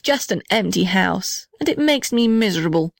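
A woman's voice: medium pitch, lively intonation, normal speed, creaky, no echo, studio quality. A woman voicing a sulky young male house who sighs and pities himself. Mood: mournful. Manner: whiny, sighing, self-pitying.

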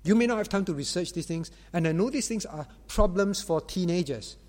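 A man with a high voice preaches to parents in a lively sermon. He acts out the voices of angry parents and teens and calls on listeners by name. His voice rings with the long echo of a hall. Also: brisk. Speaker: pastor.

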